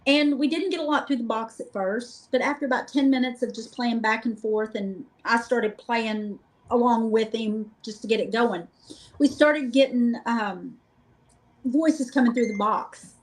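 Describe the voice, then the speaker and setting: A middle-aged woman guest, telling lively, joking stories about a paranormal investigation in a casual chat. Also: on the high side, unhurried, poor audio. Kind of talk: casual storytelling.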